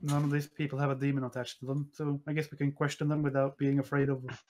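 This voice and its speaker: A man's voice: medium pitch, little pitch movement, fast talker, a little mellow. A man playing a tabletop game, muttering while he checks and reports his rolls. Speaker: player. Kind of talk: tabletop role-play, reporting dice rolls.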